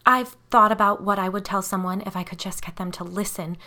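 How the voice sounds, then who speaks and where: A woman's voice: medium pitch, brisk, pushed and bright, lightly acted. A woman voicing a pleading young ghost woman. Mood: earnest. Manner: urgent, tearful pleading.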